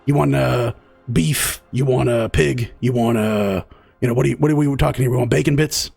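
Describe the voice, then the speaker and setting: A man voicing a big, easygoing male orc head waiter in a tabletop game, with fast, friendly, bro-style chatter. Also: mid-range voice, steady tone, vocal fry, a little mellow, breathy edge, soft background music.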